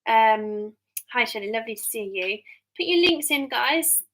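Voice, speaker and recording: A woman's voice: a little high, animated, normal speed, a bit bright, low-quality recording. An English woman in her thirties chatting casually on a live stream, rambling with many ums and restarts. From England. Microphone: webcam or phone mic on a live stream.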